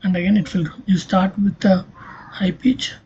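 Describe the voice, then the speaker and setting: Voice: medium pitch, level tone, normal speed, a little mellow, husky, muffled recording. A linguistics lecturer giving a recorded exam-prep lesson, explaining step by step and checking in with "okay" and "right".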